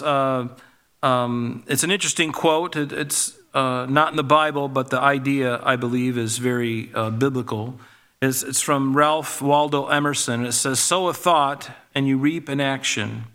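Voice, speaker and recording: A man's voice: medium pitch, fairly bright tone. A male pastor preaching a sermon in a conversational way, with asides and restarts.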